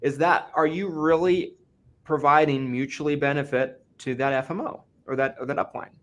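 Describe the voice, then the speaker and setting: A man's voice: a little high, fairly even intonation, normal speed. A man hosting a casual podcast conversation, earnest and restarting phrases as he thinks aloud. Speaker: host.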